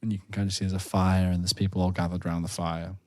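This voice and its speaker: A man on a podcast, recounting a game weekend in casual chat, lively and laughing often. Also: deep voice, quick pace. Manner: animated storyteller, breaks into laughter and silly voices. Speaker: podcast co-host.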